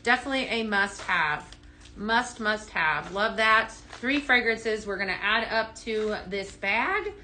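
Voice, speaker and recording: A woman hosts a live home-fragrance sales show, a casual live-stream product demo, chatting with viewers and reading their comments aloud. Her voice is on the high side, expressive, and a little slow, with a bright, forceful tone. She's very enthusiastic, with plenty of "um"s, fillers, and restarts.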